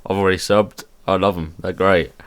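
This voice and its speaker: A man's voice: low voice, steady tone, a little fast. A man hosting a reaction video, talking casually with laid-back, chuckling asides.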